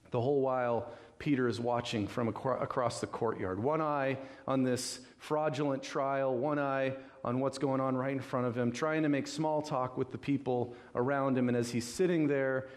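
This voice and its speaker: A man preaching a sermon, telling a story with acted-out voices and asking the listeners questions. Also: mid-range voice. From California. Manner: animated storytelling, acting out voices, rhetorical questions. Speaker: pastor.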